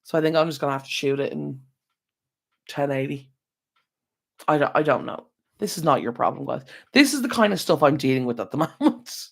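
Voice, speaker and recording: A tired Irish man hosting a live stream from home, his voice sitting a little higher than most men's. He rambles loosely and chats straight to his viewers through a proper microphone, yawning now and then. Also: lively intonation, brisk, gravelly, pauses often, fairly bright tone. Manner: rambling, chatty, talks to viewers directly. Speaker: channel host. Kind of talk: casual live-stream chat. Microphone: external microphone.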